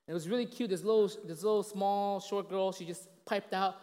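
Chatty pastor in a reverberant hall. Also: male voice, quick pace. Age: late 30s. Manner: casual, chatty, heavy on fillers and 'you know', 'right?'; acts out quoted voices with big pitch jumps. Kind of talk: conversational sermon storytelling. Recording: long reverb of a large hall.

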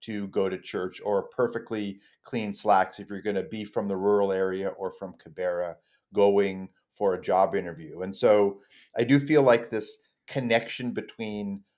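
A man co-hosts a podcast in an unhurried voice. His voice sits somewhat low. He speaks in a reflective, measured way and weighs each point as he goes. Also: a little mellow. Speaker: podcast co-host. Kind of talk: conversational podcast discussion.

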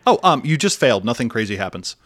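A man running a tabletop role-playing session, narrating scenes in a relaxed, wry, descriptive way. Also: mid-range voice, fast talker, dry recording. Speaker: game master.

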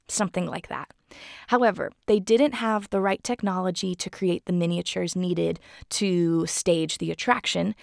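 A woman's voice: mid-range voice, creaky, no room sound, studio quality. A woman telling a theme park ride's history in a chatty, casual way, with frequent ums and small laughs. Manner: chatty, giggly, with many ums and uhs. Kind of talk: casual explainer.

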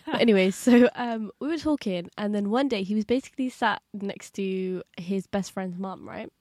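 A woman's voice: mid-range voice, normal speed, a little mellow, no echo, clean studio sound. A young woman, co-hosting a podcast and telling a story in casual chat, laughing and acting out quotes. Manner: chatty, laughing, acts out quotes in a raised voice. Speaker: podcast co-host.

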